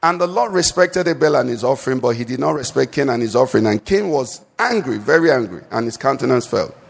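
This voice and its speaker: During a live church service, a pastor preaches with a medium-pitched, expressive voice that's creaky with a breathy edge, and he talks fast. He quizzes the congregation in call-and-response fashion and lifts into sing-song phrases. A long church-hall reverb fills the recording.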